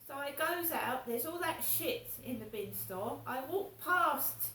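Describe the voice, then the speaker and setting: A woman's voice: high voice, lively intonation, slow, bright, forceful tone, a little hiss or hum. A woman vlogging in a rambling, indignant monologue, swearing as she talks. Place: home flat. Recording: roomy echo, distant from mic.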